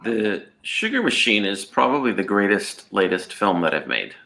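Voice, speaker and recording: A man hosting a casual podcast chat, directing the talk with dry, deadpan jokes. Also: fairly low pitch, normal speed, creaky. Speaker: host and director.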